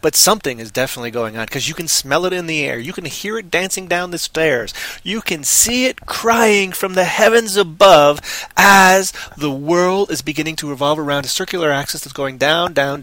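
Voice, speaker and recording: A tired man rambling on a casual podcast, goofy, with sudden loud silly outbursts. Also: fairly high pitch, no echo. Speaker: podcast co-host.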